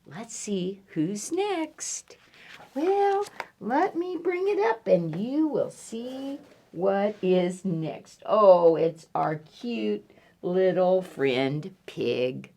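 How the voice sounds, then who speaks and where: A woman reading at a library storytime with a lively voice that swoops up and down. She takes her time and moves slowly and deliberately, voicing the animal noises in a playful, sing-song way. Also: mid-range voice. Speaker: children's librarian.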